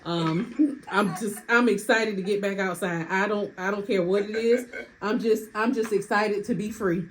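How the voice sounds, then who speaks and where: A woman giving a short thank-you speech on a video call, halting and emotional, close to tears and laughing. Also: mid-range voice, slight background noise, rough recording. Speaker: new doctoral graduate.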